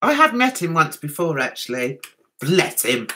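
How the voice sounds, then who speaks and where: A woman's voice: low voice, big pitch swings, moderate pace, pushed and bright, slight background noise. A woman hosting a casual livestream chat, giggling and chatting as she reads out viewer comments and answers them. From England. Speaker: livestream host.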